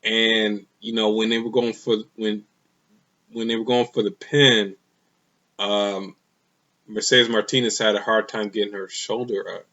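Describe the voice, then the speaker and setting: A man's voice: lowish voice, little pitch movement, measured pace, bright, forceful tone, highs cut off. A man casually reviewing a wrestling show, rambling and opinionated, with many fillers.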